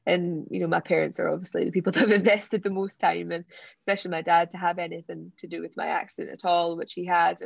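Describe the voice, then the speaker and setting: A young Scottish woman from the Borders, telling an animated story as an interview guest, laughing often and acting out what people said. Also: on the low side, fast, vocal fry, no echo, muffled recording. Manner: excitable, laughs often, acts out quotes. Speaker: athlete guest.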